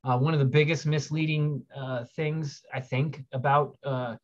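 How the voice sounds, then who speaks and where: A man's voice: fairly high pitch, fairly even intonation, a little slow. A man hosting a casual livestream, rambling as he reads viewer questions aloud and answers them. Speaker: livestream host. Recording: dull lo-fi stream audio.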